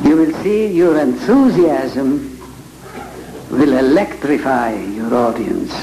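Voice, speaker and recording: A man with a head cold teaching Bible reading to a live audience, speaking with slow, theatrical emphasis. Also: mid-range voice, expressive, background noise. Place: large hall with audience. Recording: echoey hall with audience ambience.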